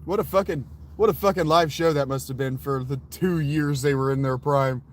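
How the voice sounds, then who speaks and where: A man's voice: fairly high pitch, moderate pace, a little hiss or hum. A man chatting casually and swearing a lot as he reacts to music, often breaking into laughter. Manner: profane, laughing, animated.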